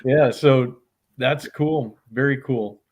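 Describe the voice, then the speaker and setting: A man's voice: medium pitch, takes it slowly, darkish tone, breathy edge. Man, from Texas, live-stream host, casual, reads chat comments, friendly, video call.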